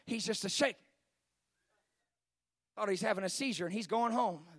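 High-voiced preacher telling a story. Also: male voice, moderate pace, dry recording, clean studio sound. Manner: animated, swings from quiet retelling to shouted climaxes. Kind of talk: sermon storytelling.

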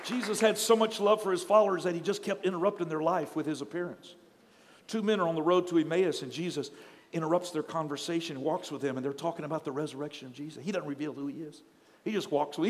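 A middle-aged man pastor preaching a sermon in a church, telling stories with animated energy and building to shouts. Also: a little high, fast talker, big-room sound, a faint crowd. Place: church sanctuary.

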